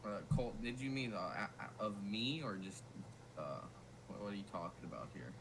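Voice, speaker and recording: A young man with a Southern US accent, chatting casually while hosting a weather livestream, tripping over his words when excited. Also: on the low side, moderate pace, gravelly, noisy background. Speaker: weather stream host.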